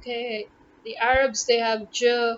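A Pakistani English accent marks this woman vlogger from Pakistan, who talks casually to camera in an exasperated opinion monologue, firing rhetorical questions. Her voice is a little high, flat in delivery, and measured in pace. The recording is dull and lo-fi, with faint noise.

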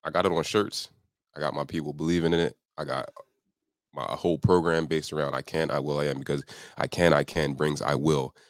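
A man's voice: fairly even intonation, fairly quick, no echo, clean studio sound. A man, an accountability coach, talking on a podcast in an emphatic motivational way, acting out his inner voice. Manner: emphatic, acts out his inner voice in pitch jumps. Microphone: studio podcast microphone.

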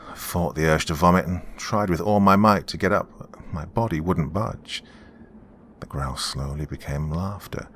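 A man narrating a horror story in a measured, grim storytelling manner. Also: low voice, fairly bright tone, slight background noise.

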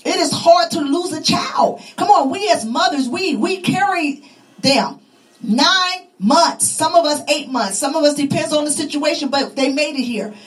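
Fervent high-voiced woman preaching. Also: lively intonation, normal speed, rough recording. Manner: fervent, repetitive, rising and falling with emphasis. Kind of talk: sermon.

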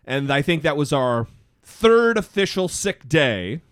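A man co-hosting a podcast in casual chat, his voice hoarse from illness, telling stories animatedly and swearing freely. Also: a little high, big pitch swings, measured pace, a bit bright, no room sound, clean studio sound. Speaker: podcast co-host.

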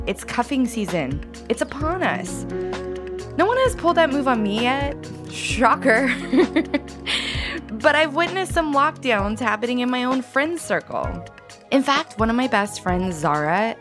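Young female podcast host, bubbly, quick to laugh, music under the voice. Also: mid-range voice. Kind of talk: casual podcast chat.

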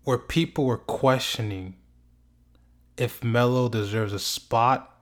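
A man's voice: mid-range voice, takes it slowly. Passionate young man ranting about sports. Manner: passionate, ranting, stretches words for emphasis. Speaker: host. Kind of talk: emphatic sports commentary vlog.

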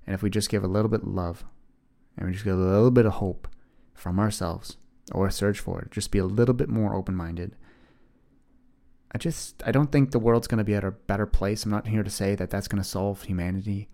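Low-voiced young man hosting a podcast. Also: fairly even intonation, normal speed, vocal fry, mellow. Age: 20s. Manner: earnest, rambling, encouraging. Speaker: podcast host. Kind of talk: casual solo podcast monologue.

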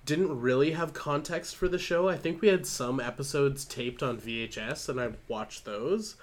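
A man's voice: medium pitch, moderate pace. A man in his thirties co-hosting a podcast, a few drinks in and talking loosely. He swears freely and fills his sentences with ums and asides. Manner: loose and profane, rambling with fillers. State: slightly tipsy. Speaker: podcast co-host. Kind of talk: casual chat.

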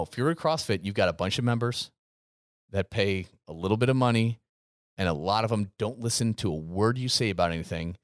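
A man's voice: fairly low pitch, no echo, studio quality. A man co-hosting a podcast, talking earnestly and emphatically about coaching gym owners, often repeating himself. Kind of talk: casual podcast chat.

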